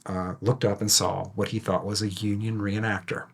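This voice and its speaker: A man's voice: on the low side, level tone, normal speed. A man who guides ghost tours, telling a story in a casual chat, loose and rambling, full of fillers. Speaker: ghost tour guide and ghost hunter, guest.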